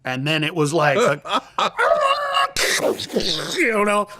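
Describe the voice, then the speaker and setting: A man's voice: a little high, expressive, moderate pace, bright, forceful tone, dry recording, studio quality. A middle-aged man, a comedian, telling a story in conversation and acting out the lines he quotes. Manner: acts out quoted lines in raised voice, laughs through story. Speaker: comedian guest.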